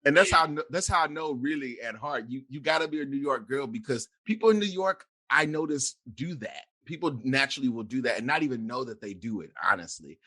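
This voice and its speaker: A man's voice: mid-range voice, animated, brisk, hardly any pauses, sharp tone, no room sound, clean studio sound. A man hosting a podcast, asking casual questions with a laugh and many restarts. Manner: curious, laughing, restarts his questions often. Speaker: podcast host. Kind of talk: casual interview chat.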